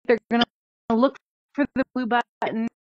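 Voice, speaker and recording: A woman's voice: a little high, fairly even intonation, normal speed, no room sound. A woman who is a chiropractor, giving an upbeat, chatty lesson to practice owners and repeating the key points. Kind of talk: instructional talk. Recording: dull, dry lo-fi recording.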